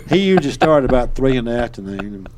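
A man's voice: mid-range voice, very animated, fast talker, a crowd in the background. Older Alabama man telling folksy stories. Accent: Southern US, Alabama. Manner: folksy, rambling, chuckles often. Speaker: storyteller. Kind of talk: casual storytelling.

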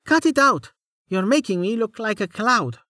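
Teasing, bossy young archer girl for a storybook reading, high and lilting, done by a man. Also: animated, normal speed, sharp tone, dry recording, clean studio sound. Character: quick-witted young woman archer, teasing.

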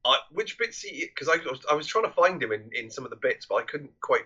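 A male podcast co-host with a husky yet bright, forward voice. He talks in a halting, hesitant way, and his pitch swings widely. The recording sounds dull and lo-fi. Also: very animated. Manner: hesitant, halting with fillers and repeats. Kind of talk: casual film-review chat.

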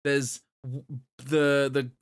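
A man's voice: medium pitch, flat delivery, slow, clean tone. A young man co-hosting a casual gaming podcast, rambling with lots of restarts and laughing at his own jokes. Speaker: podcast co-host. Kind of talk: casual chat about video games.

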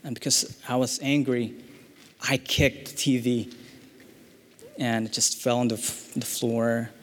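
In church, a young man gives a personal testimony, speaking earnestly but haltingly, with fillers and restarts. His voice is medium-pitched and carries the sound of a big room.

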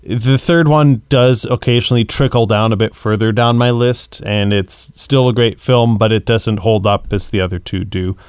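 Smooth-voiced man, measured podcast co-host, dry close mic. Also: lowish voice, a little mellow, no echo. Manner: rambling, searches for words, measured. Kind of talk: casual movie discussion.

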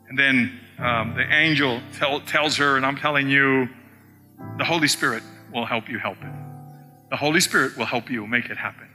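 Emphatic preacher with reverb and music. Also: male voice, a little high, brisk, sharp tone. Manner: rising to emphatic, repeating phrases. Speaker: pastor. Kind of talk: sermon.

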